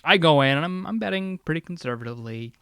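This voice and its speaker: A man's voice: on the high side, expressive, fast talker, pushed and bright, clear, resonant tone, no echo, clean studio sound. A man chatting casually on a podcast in a laid-back, rambling way, swearing now and then. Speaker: podcast co-host. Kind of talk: casual chat.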